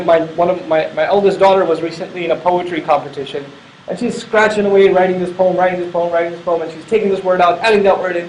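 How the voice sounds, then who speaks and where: A man's voice: sits high, roomy sound, slight background noise, low-quality recording. A middle-aged man giving a Quran lecture, explaining points with repeated emphasis and acting out quoted dialogue. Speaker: Islamic speaker.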